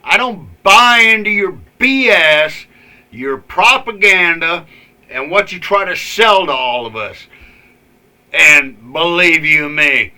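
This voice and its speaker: A man's voice: fairly high pitch, very animated, slow, pushed and bright. A man ranting angrily in a rambling, profane vlog with many fillers. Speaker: vlogger. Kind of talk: ranting political commentary.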